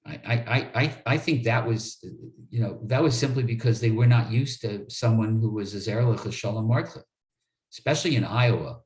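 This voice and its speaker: A man's voice: on the low side, a little fast, darkish tone. Earnest man in an echoey room. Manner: earnest, repeats words when starting sentences. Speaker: attorney guest. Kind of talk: interview storytelling.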